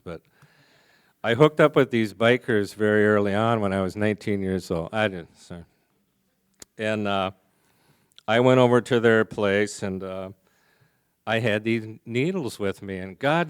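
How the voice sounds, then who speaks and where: A soft-spoken man from the American Midwest telling a wry personal story to a conference audience. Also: fairly low pitch, clean tone, dry recording, studio quality. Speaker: recovery meeting speaker. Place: conference hall before a live audience.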